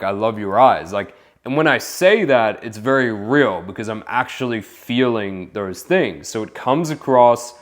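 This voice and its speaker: Laid-back young man coaching in voice-over. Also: lowish voice. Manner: relaxed, casual, lots of "like" and "kind of". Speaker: dating coach. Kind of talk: voice-over commentary on infield footage.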